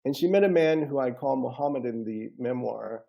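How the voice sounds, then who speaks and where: A man author introducing his memoir on a video call, earnest and measured. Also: medium pitch, vocal fry, highs cut off. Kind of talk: reading and discussing his memoir.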